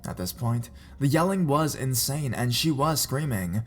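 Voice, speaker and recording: A man reading reader-submitted scary stories aloud in a measured, even narration. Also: mid-range voice, soft background music. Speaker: horror story narrator.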